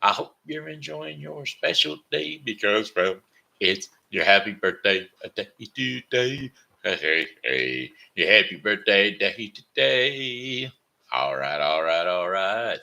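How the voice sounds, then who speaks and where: Rambling man, deep bright voice. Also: very animated, unhurried, vocal fry. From Missouri, United States. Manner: repeats words, stumbles and corrects himself. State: tired, sleepy. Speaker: host of a daily home broadcast. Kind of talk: rambling casual monologue. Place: at home.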